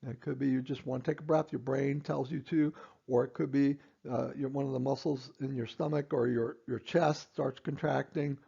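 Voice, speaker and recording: Man, clinician-teacher, gravelly, mellow tone, dull lo-fi recording, stresses points over and over. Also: medium pitch, fairly even intonation, normal speed. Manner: repeats and stresses key points, with fillers and restarts. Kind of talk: instructional explanation.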